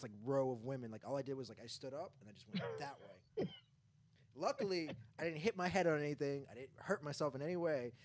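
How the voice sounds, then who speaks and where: A man's voice: fairly high pitch, a little mellow. A man co-hosting a podcast, telling a story in casual chat and padding it with lots of "like" fillers. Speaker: podcast co-host.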